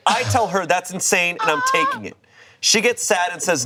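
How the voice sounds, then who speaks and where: A man's voice: high-pitched, expressive, normal speed, heavy background noise. A man casually reading a story aloud, swearing freely, breaking into laughter and mock outrage. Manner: reads dramatically, swears, laughs, voices outrage. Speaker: host reading stories aloud.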